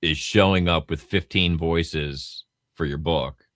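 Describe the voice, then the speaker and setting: A man co-hosting a podcast, speaking in a measured, halting way. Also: rumbling low, a bit bright, no echo, studio quality. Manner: measured, halting, lots of brief acknowledgements. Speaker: podcast co-host. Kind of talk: casual chat.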